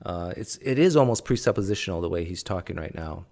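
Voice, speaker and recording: Throat-clearing man with a strained voice. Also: low voice, expressive, fast, few pauses, darkish tone. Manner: clears throat often, sarcastic asides. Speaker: channel host critiquing a recorded conversation. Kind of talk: casual commentary.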